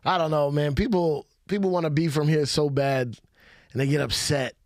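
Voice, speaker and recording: High-voiced man hosting a casual chat. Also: normal speed, no echo, clean studio sound. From New York City. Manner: animated storyteller, tosses in quoted dialogue. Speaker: podcast host.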